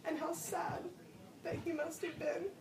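A woman preaching a sermon in a reflective, personal way, with soft laughs along the way. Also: very high-pitched, fairly even intonation, unhurried, noisy background. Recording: roomy sound from a distant mic, faint ambience.

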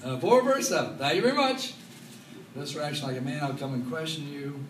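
A man preaching a Bible study sermon to a congregation, talking in a lively, joking way. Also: a little high, fairly quick, slight background noise. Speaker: pastor. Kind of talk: expository Bible teaching. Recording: echoey room, mic at a distance.

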